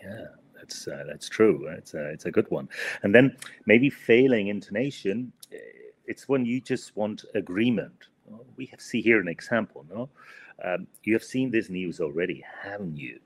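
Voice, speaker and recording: A man's voice: lowish voice, expressive, normal speed, breathy edge. A man teaching English grammar in a casual podcast chat, hesitant, full of fillers and "no?" tags. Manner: hesitant, many fillers, ends with "no?".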